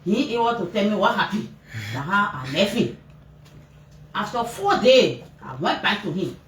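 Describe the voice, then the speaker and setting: A mother with a Liberian accent speaks to reporters at a moderate pace about what happened to her son, clearly emotional. Animated throughout, she voices others' shouted quotes as her pitch leaps up and down. Faint background noise comes through the roomy, distant mic.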